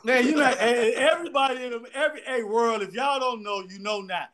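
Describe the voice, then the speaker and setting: A man co-hosting a podcast, telling profane, animated stories in casual chat and acting out what people said. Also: extremely high pitch, fast talker. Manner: animated, profane storytelling with voiced quotes. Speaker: podcast co-host.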